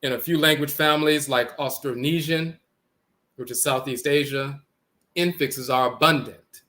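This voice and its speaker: A man gives a lecture on how words change, with a bright, forceful edge to his voice. He talks deliberately, spells out letters and says each word twice. He points to text on a screen as he goes. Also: mid-range voice, steady tone. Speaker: lecturer on language origins.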